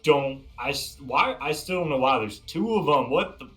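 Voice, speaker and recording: A man's voice: on the high side, animated, normal speed, fairly bright tone, far from the mic, faint music behind, voice pushed up. A man voicing a baffled male onlooker at a dance, stammering in disbelief. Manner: stammering, incredulous.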